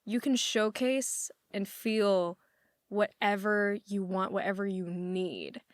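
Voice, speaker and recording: Woman podcast host, medium pitch, super affirming, lots of yeahs and mm-hmms, dry close mic. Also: slow, no room sound. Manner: warm, affirming listener with frequent backchannels. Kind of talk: casual interview chat.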